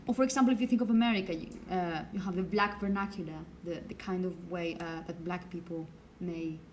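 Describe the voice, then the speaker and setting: A woman giving a classroom lecture, explaining slowly and often checking in with the students. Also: on the low side, fairly even intonation, a little mellow, a little hiss or hum.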